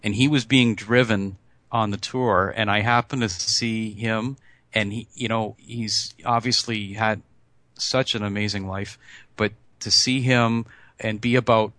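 A man answering interview questions as a podcast guest, pausing often with ums and restarts. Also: fairly low pitch, steady tone, a bit bright, no room sound. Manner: hesitant, many ums and restarts. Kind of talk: casual interview.

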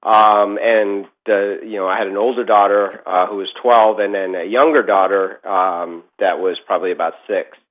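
A man's voice: fairly low pitch, steady tone, normal speed, hardly any pauses, phone-quality sound. Rambling middle-aged man telling a story. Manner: rambling, many fillers and restarts. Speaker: podcast guest telling a ghost story. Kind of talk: casual storytelling.

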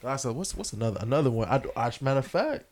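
A man from North Carolina co-hosting a podcast, excitable and full of slang and "you know" fillers. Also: medium pitch, very fast. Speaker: podcast co-host. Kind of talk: casual chat.

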